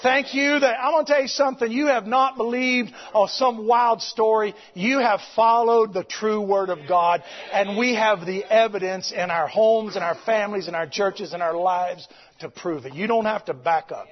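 A man preaching a fiery sermon, shouting with passion and then dropping into casual storytelling. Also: high-pitched, moderate pace, lo-fi sound. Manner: impassioned, shouting, drops to storytelling.

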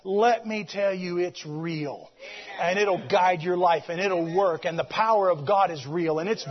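A man preaching a sermon to his congregation, swinging between loud exclamations and quiet, low passages. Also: a little slow. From United States. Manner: animated preaching, swings between shouting and hushed. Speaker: pastor. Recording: dull lo-fi recording.

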